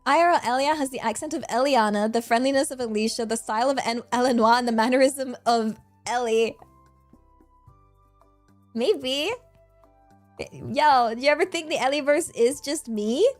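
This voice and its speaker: A giggly English woman with a rural accent, chatting casually and rambling on her stream. Her voice sits fairly high, with faint music quietly behind. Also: normal speed. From England. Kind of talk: casual chat.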